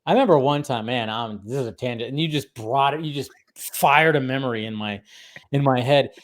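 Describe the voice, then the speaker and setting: A man's voice: medium pitch, brisk. A man in his thirties, rambling casually as he recaps a cartoon episode, laughing often and restarting his sentences. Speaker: podcast co-host.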